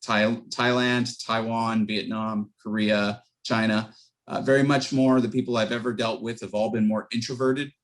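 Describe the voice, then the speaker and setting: Low-voiced man reporting back to class. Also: flat delivery, normal speed. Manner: hesitant, filler-heavy. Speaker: student. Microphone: video call.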